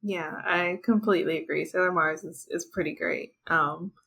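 A woman's voice: fairly low pitch, fairly even intonation, moderate pace, gravelly, fairly bright tone. A young woman hosts the show in a friendly, enthusiastic, chatty way. A faint background hiss sits under her voice. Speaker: podcast host. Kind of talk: casual chat.

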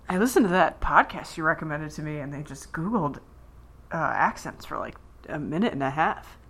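A woman's voice: low voice, expressive, moderate pace, pauses often, fairly bright tone, breathy edge. A woman co-hosting a podcast in casual chat, giggly and enthusiastic, with lots of "like" fillers. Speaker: podcast co-host. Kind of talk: casual chat recapping a TV episode.

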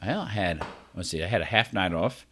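A man's voice: low voice, animated, fairly quick, pushed and bright. A middle-aged man co-hosting a podcast, chatting casually in a blunt, joking way with easy swearing. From Indiana. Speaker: podcast co-host. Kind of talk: casual chat.

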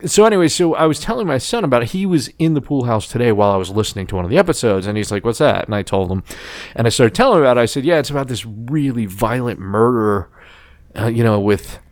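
A man's voice: medium pitch, lively intonation, fast, no echo. A middle-aged man telling a long, rambling story in casual chat, swearing and restarting often as a podcast co-host.

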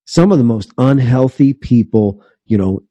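A man's voice: mid-range voice, animated, normal speed, warm tone, slightly rough, dry recording. A man hosting an interview, asking questions and rambling earnestly. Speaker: podcast host for preachers. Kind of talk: casual interview talk.

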